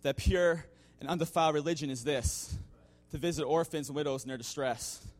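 A man's voice: a little high, fairly quick. Conversational man giving a church testimony. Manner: conversational, full of "you know" fillers and restarts; chuckles now and then. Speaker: church member giving a mission-trip testimony. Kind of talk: spoken testimony to a congregation.

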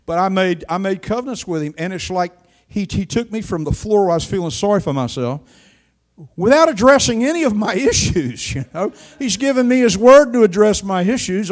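An older male preacher with a high-pitched voice delivering a sermon. He tells a personal story dramatically, dropping to a hush and then surging loud. His delivery is lively and emotional. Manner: dramatic storytelling with sharp swings in loudness.

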